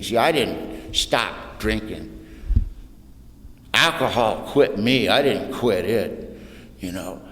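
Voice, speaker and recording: Guy in his 60s telling his story at a meeting, funny and blunt, roomy echoey hall. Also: lowish voice. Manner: plainspoken, humorous storytelling with slang. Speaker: recovery meeting speaker. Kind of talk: personal story told to an audience. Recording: roomy hall reverb, faint noise.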